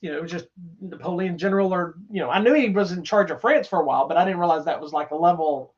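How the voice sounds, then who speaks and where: Fast-talking and high-voiced, this podcast co-host reviews movies in an enthusiastic, casual chat full of rambling and restarts. The audio has a slightly dull, lo-fi sound.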